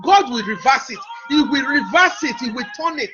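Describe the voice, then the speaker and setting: A man preaches in a strikingly high voice. He is emphatic and repetitive, often restarting his phrases. The recording sounds dull and lo-fi, with music playing behind him. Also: expressive, normal speed. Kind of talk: sermon.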